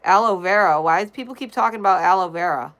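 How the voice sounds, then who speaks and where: A woman's voice: fairly low pitch, lively intonation, fast, fairly bright tone, poor audio. A young woman from Connecticut hosting a casual livestream, chatting and greeting viewers by name as she reads the chat. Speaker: livestream host.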